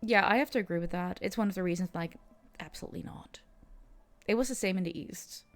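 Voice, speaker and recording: A woman's voice: fairly low pitch, fast talker. A woman streamer playing a game, chatting casually, laughing often and reacting to her chat. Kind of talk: casual livestream chat over gameplay.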